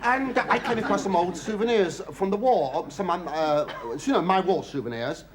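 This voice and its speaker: A man's voice: high-pitched, moderate pace, a crowd in the background. A middle-aged English man doing a camp, gossipy comic monologue, full of stammering restarts and cries of "oh, yes". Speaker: comedian. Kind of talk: stand-up comic monologue to a studio audience. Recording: live studio audience laughter, loud noise.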